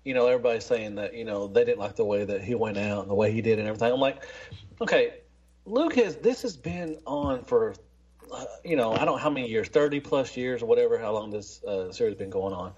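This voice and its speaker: Man, casual podcast host, rambling and profane, husky, slightly muffled sound. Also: mid-range voice, quick pace, darkish tone. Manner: rambling, loose, swears freely. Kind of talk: casual chat.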